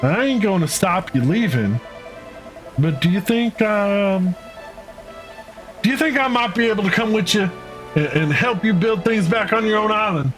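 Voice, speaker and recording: A man voicing an eager young farmhand, stammering in his excitement. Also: high voice, normal speed, pauses often, soft background music, voice pushed up. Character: eager cheerful young farmhand, hard worker.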